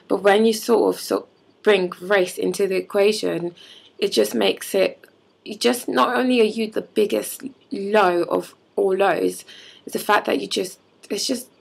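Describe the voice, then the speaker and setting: Gravelly, husky young woman. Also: medium pitch. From London. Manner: heated, frequent "like" fillers. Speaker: vlogger. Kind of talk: casual vlog rant.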